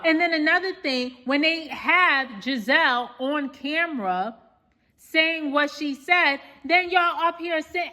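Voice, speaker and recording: Bright-voiced woman ranting. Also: high voice. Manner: emphatic, indignant, addresses viewers as "y'all". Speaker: vlogger reviewing a reality show. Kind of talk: heated rant recap.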